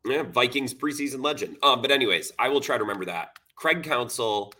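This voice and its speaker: A man's voice: mid-range voice, animated, fairly quick, sharp tone. A man co-hosting a casual sports podcast, talking in an easygoing, rambling way. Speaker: podcast co-host.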